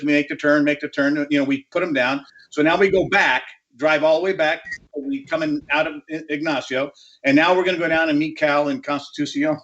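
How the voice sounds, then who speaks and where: A man's voice: on the high side, a bit bright. A man telling a rambling, salty off-road racing yarn to a panel in casual chat. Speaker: panel guest. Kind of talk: casual storytelling. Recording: dull lo-fi audio.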